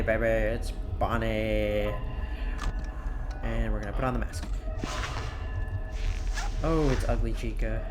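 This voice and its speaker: A man playing a horror game blind, giving let's-play commentary as a jumpy, easily startled host who mutters the same phrase over and over. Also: mid-range voice. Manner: repeats the same phrase over and over under his breath. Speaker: gaming YouTuber.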